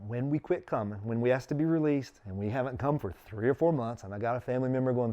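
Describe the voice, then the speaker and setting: A man's voice: medium pitch, brisk, few pauses, a little mellow. A middle-aged man telling a personal story in a sit-down interview, earnest and emotional, acting out the voices of people he quotes. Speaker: interview guest.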